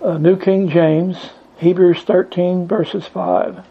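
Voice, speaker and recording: Gravelly, slow-talking preacher man. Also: high voice, steady tone, dull audio. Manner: reads scripture aloud, rising and emphatic on repeated phrases; asks the group questions between readings. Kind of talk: Bible teaching to a group.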